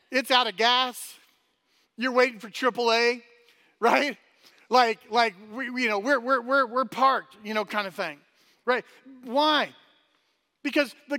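A man preaching a sermon as pastor, energetic and chatty, often tossing "right?" at the congregation and restarting his sentences. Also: extremely high pitch. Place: church hall. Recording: long hall reverb.

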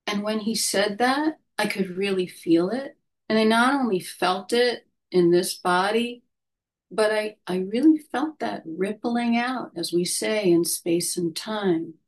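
A woman of middle pitch tells a reflective personal story at an unhurried pace. She is gentle and thoughtful and often lets her voice fall soft and quiet. She sounds like a spiritual caregiver recounting a visit.

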